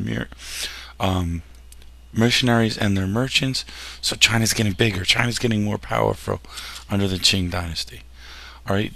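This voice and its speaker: A man teaches a history lesson over slides in a casual, jokey lecture, frequently tripping over words and starting again. His voice is lowish and a bit bright, with vocal fry.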